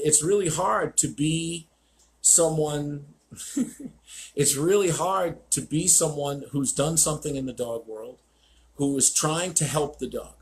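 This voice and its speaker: A man's voice: mid-range voice, slight background noise. A man hosting a live stream as a dog trainer, telling stories bluntly with swearing and acted-out quotes. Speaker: dog trainer, show host. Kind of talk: casual live-stream chat.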